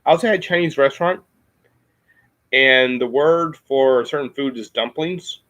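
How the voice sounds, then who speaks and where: A man with a Midwestern American accent, explaining things in a casual chat, halting with many ums and restarts. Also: medium pitch, a bit bright, highs cut off. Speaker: podcast host.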